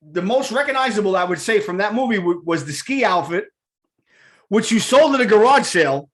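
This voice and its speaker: A man's voice: high-pitched, animated, fairly quick. A man hosting a talk show, chatting eagerly with a guest and rambling with repeated words. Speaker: radio show host. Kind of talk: enthusiastic casual interview.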